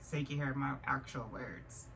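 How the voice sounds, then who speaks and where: A woman in her thirties tells a strange story in a low voice, rambling and restarting her sentences with plenty of fillers. She sits a little back from the mic, and faint noise runs under her voice. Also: normal speed, gravelly, fairly bright tone, recorded from a distance, poor audio. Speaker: vlogger. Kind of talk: casual storytelling monologue.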